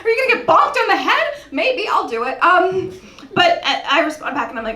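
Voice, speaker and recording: A young woman performing a stand-up comedy set with animated storytelling, her voice shooting up into rants. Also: a little fast, roomy sound, distant mic. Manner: animated storytelling, jumps high when ranting. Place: comedy club stage. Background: audience laughter.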